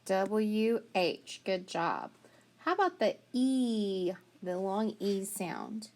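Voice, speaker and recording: A woman leads a phonics review at an unhurried pace. She sounds out each letter carefully and keeps cheering the students on with a patient, encouraging manner. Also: medium pitch, lively intonation, darkish tone. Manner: slow, patient, sounds out letters and praises often. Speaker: teacher. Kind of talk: phonics lesson to young students.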